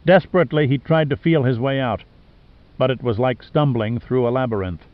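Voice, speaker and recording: A man's voice: medium pitch, fairly quick, no room sound, phone-quality sound. Man narrating an audiobook. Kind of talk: scripted narration.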